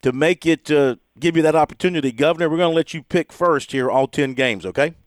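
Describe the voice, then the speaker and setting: A man's voice: a little high, quick pace, no room sound, studio quality. A man hosting a radio sports talk segment, jovially running through game picks and often laughing at his guests. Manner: jovial, laughs often while reading spreads. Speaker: radio sports show host. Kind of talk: casual radio chat.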